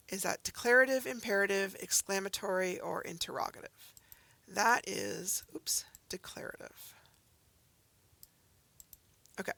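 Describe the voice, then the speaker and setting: A woman's voice: mid-range voice, fairly even intonation, measured pace, creaky, pauses often, bright, forceful tone, no room sound. A woman teaching a recorded grammar lesson, patiently explaining step by step with example sentences and checking in with "okay?" and "right?".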